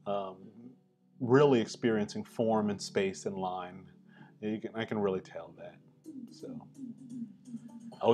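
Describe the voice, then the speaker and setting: A man hosting a casual art appreciation vlog, talking in a relaxed, chatty, enthusiastic way. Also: on the low side. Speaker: host.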